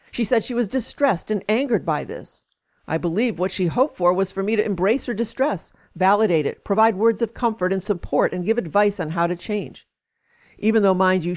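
A woman reads a long first-person essay aloud, leaning into its emphatic turns. Her pitch sits in a middle range for a woman, and her delivery is steady and spoken rather than performed. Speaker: speaker reading an essay aloud. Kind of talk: reading aloud, then commenting.

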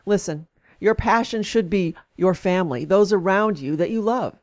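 A woman reading an essay aloud with expressive emphasis, then adding her own comments as a speaker. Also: medium pitch, moderate pace.

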